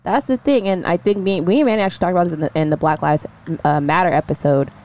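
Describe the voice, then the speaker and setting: A woman's voice: fairly low pitch, fast, a little mellow. A woman co-hosting a podcast in casual chat, earnest and rambling as she searches for words. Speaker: podcast co-host.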